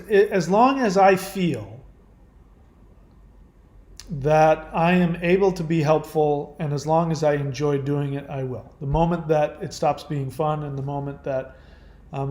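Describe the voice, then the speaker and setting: An older man with a somewhat high voice delivers blunt, profane advice to his viewers, firing off rhetorical questions. He drifts into halting restarts when he muses. The recording has a roomy echo. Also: darkish tone. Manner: trails off and restarts often when musing. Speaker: channel host answering viewer questions. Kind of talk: casual advice monologue.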